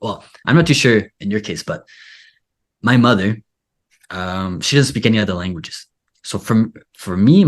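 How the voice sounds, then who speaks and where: Casual male host type, lowish, easygoing, chatty. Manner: relaxed, rambling, many "like" and "yeah" fillers. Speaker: language teacher, show host. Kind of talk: casual conversation.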